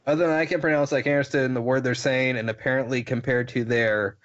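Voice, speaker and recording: A man's voice: medium pitch, fairly even intonation, quick pace, muffled recording. A man co-hosting a podcast, chatting casually and enthusiastically as he reviews albums, often restarting his sentences. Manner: enthusiastic, rambling, with frequent restarts. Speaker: podcast co-host.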